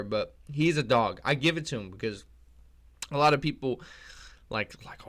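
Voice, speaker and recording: A young man hosts his channel with loose, rambling commentary. He swears freely and often restarts his sentences. His voice sits at a middling pitch. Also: animated, normal speed, a bit bright. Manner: rambling, profane, many restarts. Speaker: channel host. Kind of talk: casual commentary.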